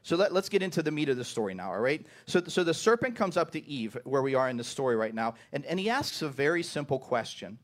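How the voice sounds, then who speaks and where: A man's voice: on the high side, big pitch swings, fast, few pauses. A man preaching a sermon to his congregation. He often repeats the first words of a phrase and keeps asking "right?". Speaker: pastor.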